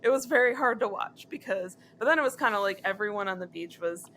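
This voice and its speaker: A woman's voice: mid-range voice, animated, quick pace, a bit bright, a little hiss or hum. A woman co-hosting a podcast, talking things through in a chatty, thoughtful way. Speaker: podcast co-host. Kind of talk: casual chat.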